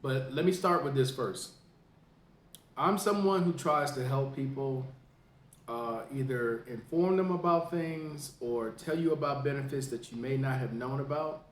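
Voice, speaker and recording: A man who hosts a veterans information podcast, from the United States, giving a casual spoken update in a plain, unhurried way with many fillers. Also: mid-range voice, reverberant. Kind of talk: casual straight-to-camera update.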